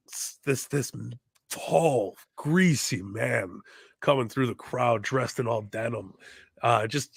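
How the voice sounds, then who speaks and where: An excitable man chatting on a casual podcast, laughing often and swearing freely. His voice sits at a middle pitch. The sound is dry and close, with no room echo. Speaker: podcast co-host.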